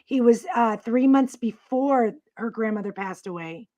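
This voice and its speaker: Woman, co-host, fairly high voice, supportive and steady, reads out viewer comments. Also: a little slow, dull audio. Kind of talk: casual chat, reading viewer comments.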